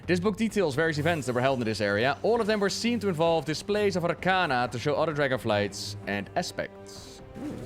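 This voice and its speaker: A man's voice: a little high, very animated, quick pace, faint music behind. A man streaming a video game, chatting casually about its lore with jokes and casual swearing. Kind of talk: casual lore commentary while playing.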